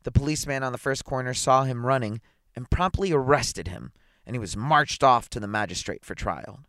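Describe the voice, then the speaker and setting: A man reading a children's story aloud, playful and expressive, with chatty asides. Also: medium pitch, brisk, dry recording, clean studio sound.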